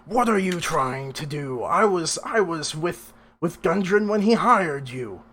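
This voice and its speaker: A man's voice: on the high side, lively intonation, unhurried, a bit bright, pitched above the performer's own voice. Male GM playing a weakened, defensive warrior; guarded, plain voice.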